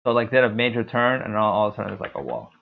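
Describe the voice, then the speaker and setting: A man's voice: medium pitch, fairly even intonation, racing. A man streaming a live game, giving rambling, chatty commentary full of filler words as he plays. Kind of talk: casual live gameplay commentary. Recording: tinny phone-like audio.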